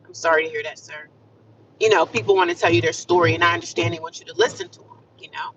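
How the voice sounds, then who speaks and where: A woman's voice: fairly low pitch, fast, fairly bright tone, a little hiss or hum. Upbeat chatty woman on a muffled phone. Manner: upbeat, chatty, repeats affirmations. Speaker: livestreamer. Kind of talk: casual livestream chat. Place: inside a car. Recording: distant, muffled phone audio.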